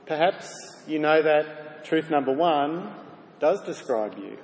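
A man's voice: on the high side, expressive, takes it slowly, a little hiss or hum. Man preaching in a roomy church hall. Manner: earnest, direct address with rhetorical questions. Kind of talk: sermon. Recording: reverberant hall, faint ambience.

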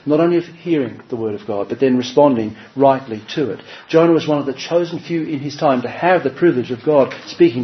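Earnest male preacher asking rhetorical questions. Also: medium pitch. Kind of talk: sermon. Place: church service. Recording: slightly dull recording with faint background hum.

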